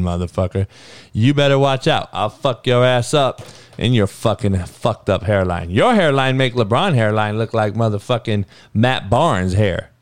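A man's voice: mid-range voice, no echo. A man hosting his own podcast, ranting heatedly and profanely in a solo commentary. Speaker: podcast host.

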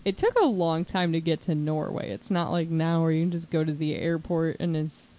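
A woman hosting a podcast tells a true crime story casually, chatty and animated, saying "like" a lot and slipping into quick put-on voices for quotes. Her voice sits low, and the recording is rough.

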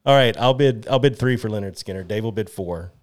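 A man's voice: on the low side, fairly quick. A man co-hosting a podcast game, bantering and teasing the others with frequent laughter. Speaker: podcast co-host and contestant. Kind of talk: casual joking banter.

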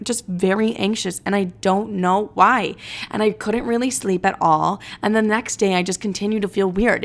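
A woman's voice: mid-range voice, a bit bright. A young woman hosting a casual monologue, telling rambling stories, swearing freely and acting out what people said. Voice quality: vocal fry. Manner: chatty, rambling, swearing, acts out quotes.

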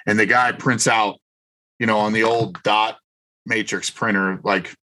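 A man's voice: fairly low pitch, fairly even intonation, measured pace, bright, forceful tone, poor audio. Rambling middle-aged male storyteller. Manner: rambling anecdotes with filler words and self-corrections. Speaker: podcast guest, Army veteran. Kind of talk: casual storytelling.

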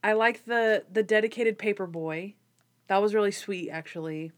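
A woman's voice: mid-range voice, normal speed. A young adult woman co-hosting a casual podcast, recapping an episode with lots of laughter and acted-out quotes. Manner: animated, laughing, acts out quotes in varied voices. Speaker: podcast co-host.

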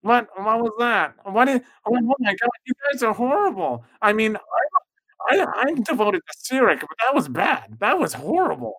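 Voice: mid-range voice, sing-song, moderate pace, fairly bright tone, voice pushed up. A game master voicing a horrified male cult devotee who stammers in shock. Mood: appalled. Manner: rattled, stammering.

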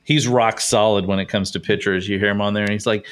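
A man hosting a casual sports podcast, excitable and often laughing. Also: fairly low pitch, fast. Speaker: podcast host.

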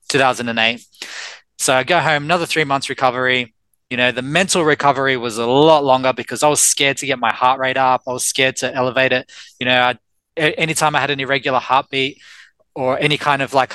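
An Australian man in his thirties, a life coach telling his own story in a candid, animated way with quoted dialogue. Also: medium pitch, smooth, no room sound, rough recording. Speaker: life coach and personal trainer, guest. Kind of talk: casual storytelling in an interview.

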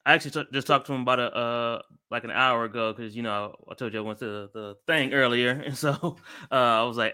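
A man in a relaxed conversation, with a bright, forceful sound. He tells anecdotes with energy and jumps his voice up when quoting friends. He laughs easily between lines. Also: medium pitch, quick pace, few pauses, smooth. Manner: animated storyteller, mimics people with a raised voice, laughs often. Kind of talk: casual chat.

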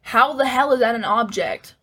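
A woman co-hosting a casual podcast, teasing and quick to correct her partner. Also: fairly high pitch, fairly bright tone, slightly rough. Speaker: podcast co-host. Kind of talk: casual chat.

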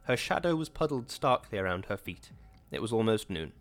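Male narrator, lower-pitched, steady dramatic delivery over soft music. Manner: measured, dramatic reading. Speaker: audiobook narrator. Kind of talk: scripted narration.

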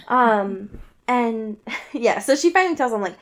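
A woman's voice: on the high side, normal speed. A young woman casually recapping a story, laughing often and acting out the characters' lines. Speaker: co-host recapping a book. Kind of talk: casual chat.

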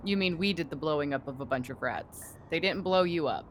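A woman playing a tabletop game, teasing the others in quick banter. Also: sits low, slight background noise. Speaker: player. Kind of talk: tabletop game play chat.

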